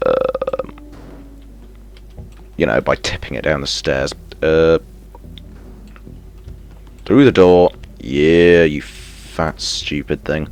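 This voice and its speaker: A man playing a video game and commenting as he goes, muttering to himself, then bursting into yelps and shouts of excitement. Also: very deep voice, slow, pauses often. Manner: excitable, self-mocking, sudden yelps and mutters. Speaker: gaming streamer. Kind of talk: let's play commentary.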